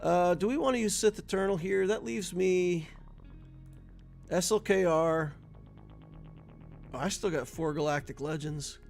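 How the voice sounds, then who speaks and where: A man's voice: sits high, measured pace, gravelly, long pauses, darkish tone, faint music behind. A man streaming a video game, chatting casually and telling jokes with a laugh. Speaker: gaming streamer. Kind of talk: casual live-stream commentary with joke telling.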